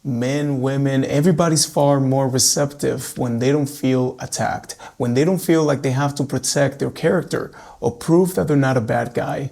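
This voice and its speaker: A man working as a relationship coach, speaking calmly and steadily straight to his women viewers, just back from an illness that cost him his voice. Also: medium pitch, gravelly. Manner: calm, measured, addressing women viewers directly. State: recently recovered from losing his voice. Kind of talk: direct-to-camera advice talk.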